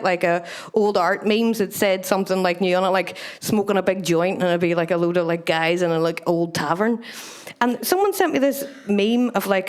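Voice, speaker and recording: A young woman performing stand-up comedy on a club stage, chatty and self-mocking, swearing freely and laughing at her own lines. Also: medium pitch.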